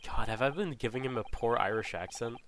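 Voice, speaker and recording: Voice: medium pitch, fairly quick, noisy background. A streamer making amused, self-mocking asides while reading a game aloud.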